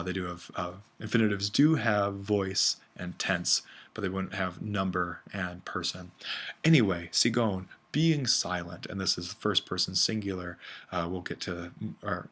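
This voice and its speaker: A man's voice: low voice, fairly bright tone, slightly rough. A man teaching a recorded language lesson, thinking aloud with many fillers and self-corrections. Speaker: Greek instructor. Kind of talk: casual recorded lecture.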